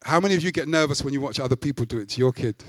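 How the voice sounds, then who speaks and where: A man preaching a sermon as pastor, emphatic, with loud rising peaks. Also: mid-range voice, rapid-fire.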